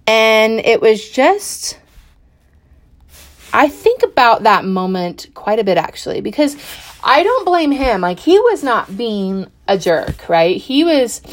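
A middle-aged woman telling a personal story in a chatty, animated way, full of fillers and acted-out quotes. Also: fairly high pitch, slow. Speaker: podcast guest.

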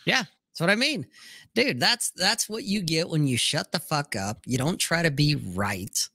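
Dude hosting a chat show, swears a lot, gravelly voice, pitch jumping all over, dry close sound. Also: male voice, measured pace, no room sound. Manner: profane, animated storyteller. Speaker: podcast host. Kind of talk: casual storytelling chat.

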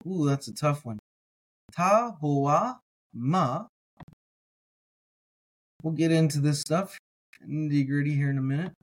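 A man teaching, sounding out words slowly with pauses and restarts, then explaining in a relaxed, chatty way. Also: fairly high pitch, low-quality recording. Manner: relaxed and chatty between readings. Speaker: Hebrew teacher. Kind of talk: slow word-by-word reading lesson.

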